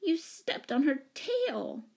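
A woman reading a storybook, voicing a solemn little girl who speaks slowly and reproachfully. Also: high-pitched, very animated, creaky, a little mellow, pitched above the performer's own voice, exaggerated voice.

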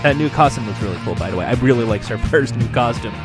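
A man's voice: mid-range voice, expressive, quick pace, over loud music. A man casually recapping a TV episode with sarcastic, profane jokes. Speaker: show recap host.

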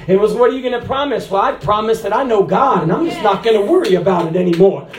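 A middle-aged man preaching, his voice sitting high for a man and ringing in an echoey hall. He drops into quiet, chatty asides, then climbs into loud, shouted passages. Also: animated, quick pace. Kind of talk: sermon.

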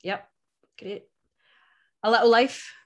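A Scottish woman from Scotland co-hosting a book podcast, chatting in a wry, animated way. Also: fairly high pitch, slow pace. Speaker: podcast co-host. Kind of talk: casual chat.

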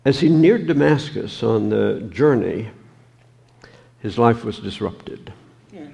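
A man preaching a sermon, reading scripture and reflecting on it slowly, with many pauses and ums. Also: mid-range voice, lively intonation, creaky, mellow, slightly rough.

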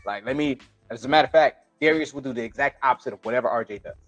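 A man's voice: medium pitch, rapid-fire, soft background music. A man co-hosting a casual podcast discussion, talking bluntly and profanely, with frequent restarts. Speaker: podcast co-host.

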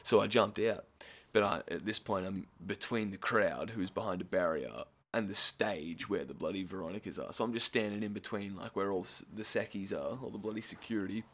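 A man's voice: on the low side, fairly bright tone. A young man with an Australian accent telling a casual story, swearing often and laughing now and then. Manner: laid-back, swears often, quick laughing asides.

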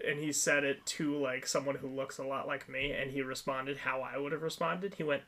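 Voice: medium pitch, little pitch movement, fairly quick, hardly any pauses, a bit bright. A person in their twenties co-hosting a casual movie-review podcast, rambling into tangents and laughing often. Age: 20s. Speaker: podcast co-host.

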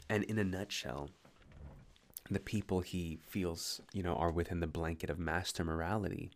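A man speaks in a very low, gravelly voice, tired and slightly slurring his words. He rambles through a late-night philosophical monologue, musing, pausing and correcting himself as he goes.

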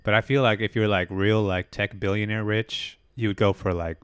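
A man's voice: fairly low pitch, flat delivery, normal speed, fairly bright tone, clear, resonant tone, no echo. A man co-hosting a comedy podcast, teasing wryly and laughing in casual chat. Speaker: podcast co-host.

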